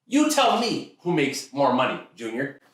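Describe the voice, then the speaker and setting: A man doing a needling farmer dad, pitched way up. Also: wildly swooping pitch, fairly bright tone. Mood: triumphant. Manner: mock-incredulous, drawn-out questioning. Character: sarcastic, needling middle-aged farmer father. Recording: echoey room, mic far off.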